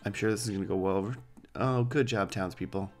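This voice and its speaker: A man's voice: on the low side, fast, a little mellow, soft background music. A man hosting a let's play, giving casual gameplay commentary with joking, rambling asides.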